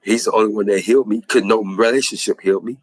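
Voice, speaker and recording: Man, religious testimony, preacherly repetition, husky voice, dry close sound. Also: fairly low pitch, fairly even intonation, quick pace, dry recording, rough recording. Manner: preacherly, repeats phrases for emphasis. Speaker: speaker giving religious testimony. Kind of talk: impassioned spoken testimony.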